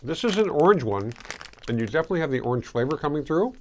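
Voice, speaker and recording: A man's voice: on the high side, very animated, quick pace. Chatty man chewing candy while he talks. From Michigan. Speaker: host. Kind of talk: casual candy tasting review.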